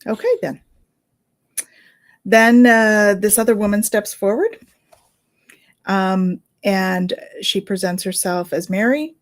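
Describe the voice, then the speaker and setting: A middle-aged woman, a Reiki healer and medium, casually telling a story in a chatty, animated way. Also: mid-range voice, slow, pauses often. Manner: chatty, animated, with fillers and laughs.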